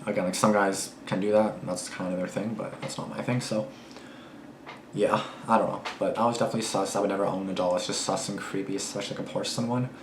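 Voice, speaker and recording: A young man chats quickly and casually as he reacts, rambling and leaning on filler words. His voice sits a little low. The room is echoey, with a faint noise behind him. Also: fairly even intonation. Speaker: reaction video host.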